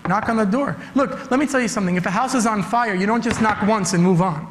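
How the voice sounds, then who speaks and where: A man's voice: sits high, quick pace, a little hiss or hum. A man preaching a sermon as youth director, emphatic and repeating his key phrases for weight. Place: church sanctuary. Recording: long church hall reverb.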